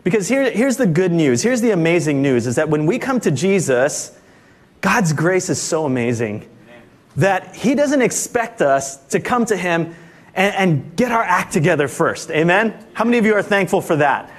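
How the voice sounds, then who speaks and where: A male pastor with a notably high-pitched voice, preaching with emphasis during a church service. He speaks in short, punchy lines and keeps checking in with the congregation for an amen. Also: big pitch swings, moderate pace. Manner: emphatic, repeatedly asks "Amen?". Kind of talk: sermon.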